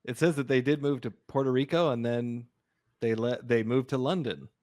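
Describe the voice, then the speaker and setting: A man's voice: medium pitch, steady tone, moderate pace, darkish tone. A man co-hosting a film podcast, easygoing and agreeable, chatting casually and laughing often. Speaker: podcast co-host. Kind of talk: casual film review chat.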